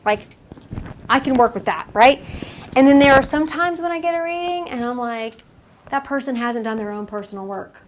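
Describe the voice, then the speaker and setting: A woman's voice: high-pitched, animated, a little fast, fairly bright tone, slight background noise. A woman medium giving a casual lecture to a live audience, chatty and acting out the voices in her stories with frequent laughs. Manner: chatty, acts out quoted dialogue, laughs often. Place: room with a small audience.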